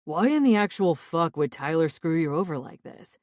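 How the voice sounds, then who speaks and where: A woman's voice: medium pitch, very animated, measured pace, darkish tone, no echo, studio quality, pitched above the performer's own voice. A woman voicing an angry young male teammate who mutters and snaps in disbelief.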